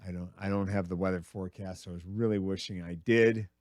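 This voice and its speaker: A middle-aged man hosting a comedy radio show, rambling and crude with a self-mocking streak. His voice sits fairly low and sounds dry and close, with no room around it. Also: fairly even intonation, fast talker, darkish tone, no room sound. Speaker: radio host. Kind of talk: casual comedic monologue.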